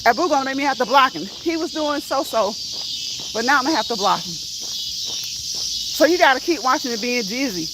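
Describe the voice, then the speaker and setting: A woman livestreaming as she walks outdoors, chatting casually with viewers, teasing and laughing often. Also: high-pitched. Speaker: vlogger on a live walking stream. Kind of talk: casual chat while walking. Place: outdoors in a rural area, walking uphill. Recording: outdoor noise with insects.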